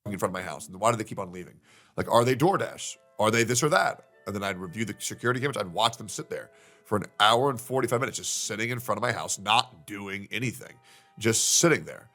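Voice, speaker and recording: A man telling a personal story to his stream in a casual, unhurried way, with many fillers. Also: fairly low pitch, expressive, fairly bright tone, soft background music. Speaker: streamer in a played clip.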